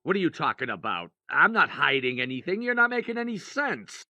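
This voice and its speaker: A man's voice: fairly high pitch, very animated, brisk, sharp tone, dry recording, exaggerated voice. A man voicing Michael, a defensive husband. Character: defensive husband denying an affair. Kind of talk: text-message story read aloud.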